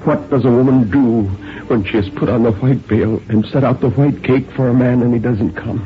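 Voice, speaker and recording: A man narrating a radio drama in a grave, measured storytelling manner. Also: mid-range voice. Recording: tinny old radio recording with faint music.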